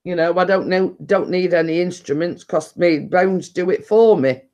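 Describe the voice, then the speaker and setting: A woman's voice: on the low side, moderate pace, a little mellow. A woman with a northern English accent chatting casually on a live stream, rambling and laughing often.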